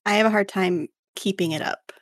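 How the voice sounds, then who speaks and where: A woman's voice: mid-range voice, a little fast, no room sound, studio quality. A woman who runs tabletop games, chatting casually on a podcast in a self-deprecating way. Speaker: game master and podcast co-host. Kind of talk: casual chat.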